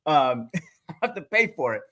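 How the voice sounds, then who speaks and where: A man's voice: a little high, very animated, unhurried, bright, forceful tone. Male co-host, chatty and enthusiastic, prone to digressions, casual talk over a video call. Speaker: co-host asking questions. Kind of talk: casual chat.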